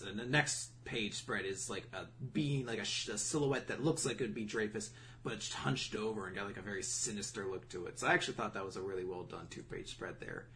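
A man's voice: fairly low pitch, fairly quick, a bit bright, slight background noise. A man casually summarizing a comic chapter as a podcast host, rambling with lots of fillers. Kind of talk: casual review chat.

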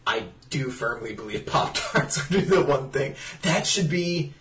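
A man's voice: medium pitch, animated, measured pace, a bit bright. A man co-hosting a podcast in casual, jokey banter, rambling and laughing often. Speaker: podcast co-host. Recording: distant mic with faint noise.

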